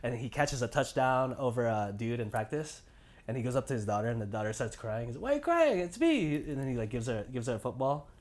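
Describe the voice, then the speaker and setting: A man's voice: mid-range voice, fairly even intonation, fast, darkish tone. A young man co-hosting a podcast, chatting casually and enthusiastically about shoes, with slangy phrasing and lots of restarts. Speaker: podcast co-host. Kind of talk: casual sneaker chat.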